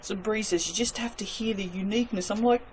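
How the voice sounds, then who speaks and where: A woman's voice: medium pitch, fast talker, a little hiss or hum. A woman chatting casually to her viewers while making soap, self-mocking and talking to herself as she works. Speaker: soap maker.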